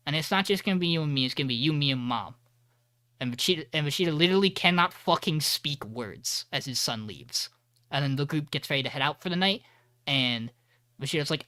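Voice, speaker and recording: Animated man recapping a show, bright voice. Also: medium pitch, fast talker, no room sound. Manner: animated retelling that acts out the characters' lines, frequent restarts and swearing. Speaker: podcast co-host. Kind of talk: casual recap of an anime episode.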